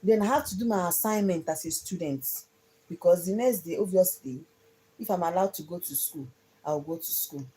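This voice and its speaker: Earnest woman, mellow voice, telling her story. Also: lowish voice, normal speed, slight background noise, low-quality recording. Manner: earnest, repeats herself, speaks to viewers directly. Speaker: live streamer telling her life story. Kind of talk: casual personal storytelling on a livestream.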